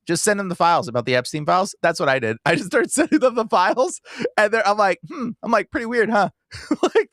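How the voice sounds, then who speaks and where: A man hosting a podcast, talking in a casual, animated way and acting out the people he quotes. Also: high voice, no room sound, clean studio sound. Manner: animated, impersonates people he talks to. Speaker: podcast host.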